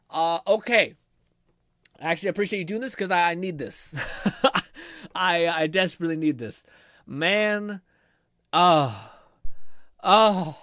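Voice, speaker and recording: Chatty streamer man, slightly high voice. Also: fairly bright tone, dry recording, clean studio sound. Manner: rambling, swears while fixing his computer. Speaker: live streamer. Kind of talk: casual live-stream chat. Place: home computer setup.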